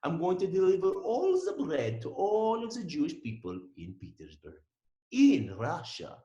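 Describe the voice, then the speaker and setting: A plotting villain gloats over his wicked scheme in a children's tale, done by a storytelling teacher. The voice lurches between high and low, and the lines ring out in a roomy, echoey space. It is told with broad, playful menace. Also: wildly swooping pitch, moderate pace, warm tone, lo-fi sound. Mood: gloating. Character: scheming villainous man baking poison bread. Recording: roomy echo.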